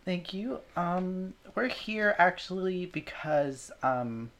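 A woman playing a tabletop game, speaking hesitantly with many pauses. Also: lowish voice, animated. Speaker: player.

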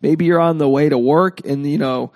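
A man's voice: a little high, moderate pace, a little mellow, no echo. A man hosting a casual podcast, joking freely and acting out quotes in exaggerated voices. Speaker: podcast host.

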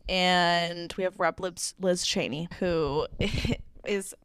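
A young adult woman co-hosting a podcast. She talks through current events in a relaxed, conversational way. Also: lowish voice, takes it slowly, clean tone, dry recording. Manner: relaxed, conversational, some filler. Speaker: podcast co-host. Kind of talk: casual news chat.

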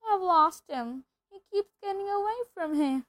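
A woman's voice: high voice, moderate pace, vocal fry, a little mellow, dry recording, pitched above the performer's own voice. A woman reading a storybook aloud and voicing a timid, tearful young boy who whines and pleads. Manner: whiny, wailing, pleading. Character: tearful round-faced boy, timid and miserable.

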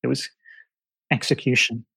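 A man, a guest on an interview podcast who tells lively stories and acts out other people's reactions. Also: moderate pace, dry recording. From Scotland. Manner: animated storyteller, acts out clients' reactions. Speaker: guest, past-life reader. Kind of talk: casual interview chat.

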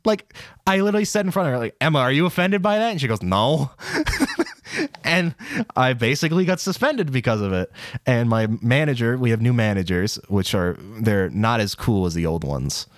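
Speaking at a normal speed with lively intonation, this young podcast co-host, a college student, spins a long, rambling story in casual chat. There's swearing, laughter, and high jumps in his voice for quotes, all in studio quality with no room sound.

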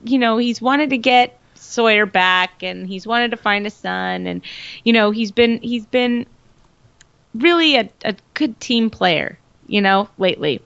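A woman chatting casually about a TV episode, animated and laughing, often mimicking characters. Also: on the high side, a little slow, creaky, no room sound. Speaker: podcast co-host. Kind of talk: casual TV recap chat. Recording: dull, lo-fi dry recording.

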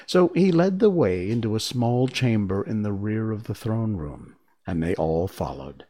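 A man narrating a storybook in a calm, measured way. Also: lowish voice.

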